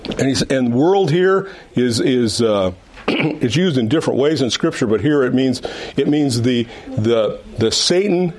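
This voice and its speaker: A man's voice: medium pitch, lively intonation, a little slow, a little mellow. Male Bible teacher, mid-range voice, emphatic, repeats himself, earnest classroom delivery. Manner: emphatic, repeats words and restarts often. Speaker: adult Sunday school teacher.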